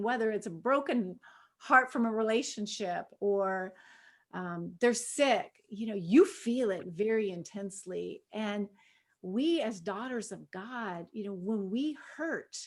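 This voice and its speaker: A middle-aged woman leads a women's Bible study in a relaxed, conversational style, speaking slowly at a medium pitch. She fills her talk with "you know" and gets loud when acting out quotes.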